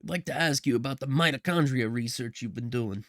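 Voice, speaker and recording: A game streamer reading the lines of a young female police officer, with steady, matter-of-fact questioning. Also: medium pitch, brisk, no echo, clean studio sound, natural voice. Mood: businesslike.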